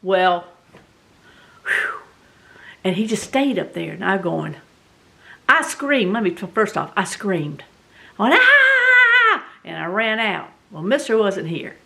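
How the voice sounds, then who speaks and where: A middle-aged woman with a Southern US accent tells a story in a casual, animated, dramatic way, full of fillers. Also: mid-range voice, unhurried, vocal fry, long pauses. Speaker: vlog host.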